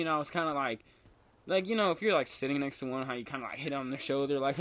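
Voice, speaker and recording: A man's voice: lively intonation, quick pace, fairly bright tone. Laid-back young man telling a story. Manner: laid-back slangy storytelling, swears a lot, jumps high for quoted lines. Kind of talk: casual storytelling.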